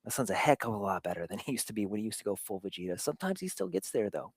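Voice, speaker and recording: Male host, earnest fatherhood talk, lower pitch, dynamics from hushed to emphatic, dry sound. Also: big pitch swings, racing, gravelly, slightly rough, no echo. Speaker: show host.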